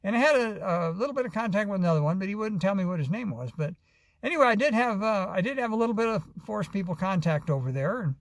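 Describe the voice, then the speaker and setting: Man vlogging, higher voice, dry close sound, rambling with lots of fillers, casual storytelling. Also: animated, fast, dry recording. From Arizona. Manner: rambling, many restarts and "uh" fillers.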